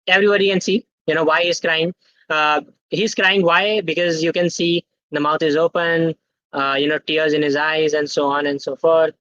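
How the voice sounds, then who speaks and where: A man's voice: on the high side, flat delivery, moderate pace, a bit bright, no echo. A young man gives a live online lesson and keeps pulling the chat into the discussion. He constantly checks in with "okay?" as he explains. The sound is dry and a little muffled, like a computer mic on a video call. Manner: interactive, quizzes the chat, tags sentences with "okay?". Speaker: guest speaker at a student tech workshop. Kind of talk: live online teaching session.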